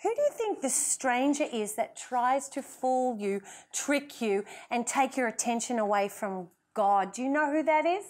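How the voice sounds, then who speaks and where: A woman's voice: sits high, expressive, measured pace, hardly any pauses. A woman leading a playful, encouraging Bible lesson for children in a kitchen. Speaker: children's minister.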